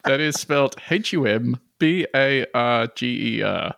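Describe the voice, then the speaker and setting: A man's voice: mid-range voice, unhurried, creaky, fairly bright tone, no room sound, clean studio sound. A man co-hosting a casual comedy podcast, reading out a list of funny names and chuckling between them. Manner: reads out silly names with amused chuckles. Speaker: podcast co-host.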